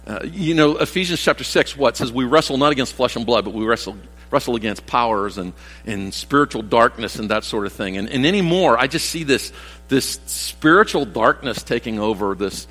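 A man's voice: mid-range voice, animated, fairly quick, a bit bright. Folksy older man preaching in a hall. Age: 60s. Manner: rambling, folksy, many restarts and asides. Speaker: pastor. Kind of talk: conversational sermon. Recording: long reverb of a church hall.

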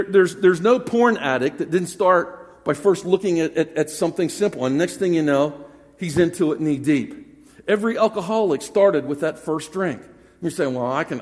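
A man's voice: fairly high pitch, a little mellow, big-room sound. A male pastor giving a conversational sermon, often repeating words as he restarts his sentences.

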